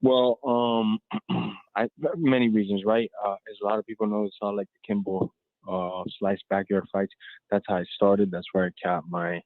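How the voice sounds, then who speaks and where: A low-voiced man speaks in a flat, even tone, loose and candid with many fillers. He comes through a tinny, phone-like call line. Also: normal speed, no echo. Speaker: guest, fight promoter. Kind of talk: casual phone interview.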